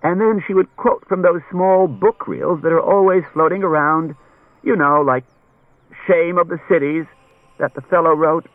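A man's voice: on the high side, steady tone, normal speed, no room sound, pitched above the performer's own voice, natural voice. A man reading an audiobook, voicing a chatty, anxious wife who tells stories in a rambling, roundabout way, on a dull lo-fi recording. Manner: rambling, circuitous storytelling.

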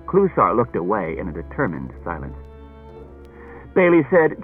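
A man narrating a dramatic story with an animated, expressive reading, heard through a tinny old radio broadcast. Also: lowish voice, measured pace, long pauses, soft background music.

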